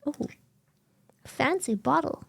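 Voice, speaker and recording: Young female streamer, high and lively voice, giggly and casually profane, dry close-miked sound. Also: takes it slowly, vocal fry, no echo. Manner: giggly, swears casually, animated reactions. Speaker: livestream host.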